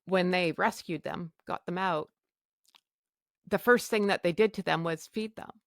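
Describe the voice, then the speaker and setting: A woman's voice: fairly low pitch, measured pace, no echo, clean studio sound. A woman podcast host candidly telling a personal story in a blunt, self-mocking way.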